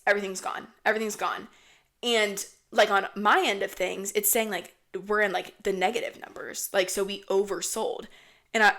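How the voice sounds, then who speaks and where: A young woman hosting a podcast, spinning a casual storytime with no filter. She rambles from one thing to the next, swears freely and fills every gap with "like". Her voice sits at a middle pitch. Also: fairly bright tone. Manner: rambling, heavy swearing, lots of "like". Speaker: podcast host.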